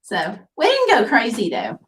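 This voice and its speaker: A woman's voice: on the high side, wildly swooping pitch, moderate pace. A woman hosting a casual livestream, reading viewer comments aloud in an easygoing, chatty way. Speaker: livestream host. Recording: voice picked up from a distance.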